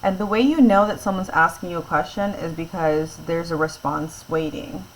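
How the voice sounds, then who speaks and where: A woman's voice: on the low side, normal speed, slight background noise, low-quality recording. A woman teacher explaining a grammar lesson patiently, step by step, often checking in with her class.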